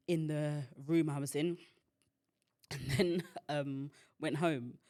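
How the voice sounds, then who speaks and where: A woman hosting a podcast, telling a personal story in a chatty way, full of fillers and acted-out quotes. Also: sits low. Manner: chatty, filler-heavy, acts out quoted voices. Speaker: podcast host and founder.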